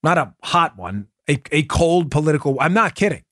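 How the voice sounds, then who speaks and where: Indignant, high-voiced male political host. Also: sing-song, normal speed, a bit bright, no room sound, clean studio sound. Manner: combative, incredulous, rising to indignant outbursts. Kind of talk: heated political commentary.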